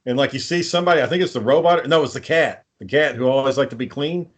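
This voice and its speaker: In easygoing podcast conversation, a male co-host tells meandering stories full of cursing. He has a mid-range voice and talks quickly.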